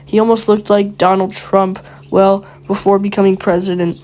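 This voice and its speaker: A woman's voice: mid-range voice, flat delivery, normal speed, few pauses, a little mellow. A woman reading a creepypasta casually, giggling and breaking off to comment on the story. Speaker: creepypasta narrator.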